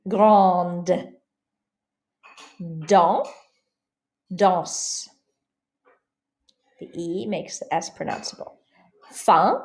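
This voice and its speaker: A woman teaching a pronunciation lesson, saying example words slowly and clearly and then explaining them in a calm, careful way. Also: mid-range voice. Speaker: French teacher.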